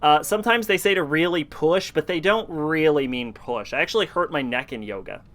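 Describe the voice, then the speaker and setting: Guy streaming a game, bright kinda high voice, swears a lot, super casual. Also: fairly quick. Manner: offhand, swearing, reads emails in a half-abandoned Russian accent. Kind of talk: casual game stream commentary, reading in-game emails aloud.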